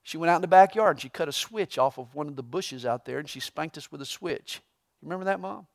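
A man preaching a sermon as a pastor, emphatic, swinging between loud stresses and hushed asides. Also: fairly high pitch, fast, gravelly.

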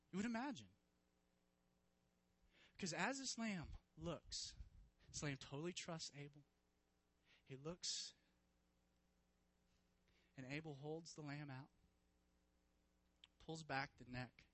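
A man preaching a sermon, retelling a story vividly and swinging from hushed to loud, emphatic passages. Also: fairly high pitch, low-quality recording. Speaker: pastor.

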